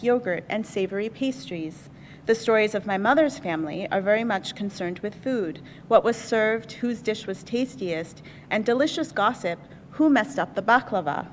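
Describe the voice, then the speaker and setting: A woman, an author, reading a passage from her own memoir aloud in a measured, reflective way at a college lecture. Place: lecture hall on a college campus. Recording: echoey hall, faint rumble.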